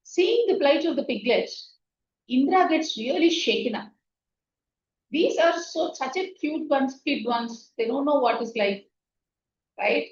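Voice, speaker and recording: A woman telling a spiritual story as a meditation teacher, unhurried and often checking in with "right?", recorded distant and echoey on a dull, lo-fi track. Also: sits high, animated.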